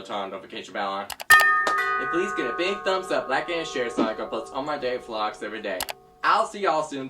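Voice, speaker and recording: A man narrating a homemade story for a vlog in a slow, animated way. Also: medium pitch. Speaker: vlogger and storyteller. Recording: distant mic with background noise.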